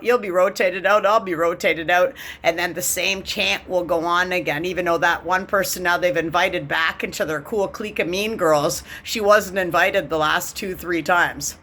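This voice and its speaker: A woman's voice: fairly low pitch, sharp tone. A woman from Canada delivering a bitter, profane rant to camera. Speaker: vlogger. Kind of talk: angry monologue to camera.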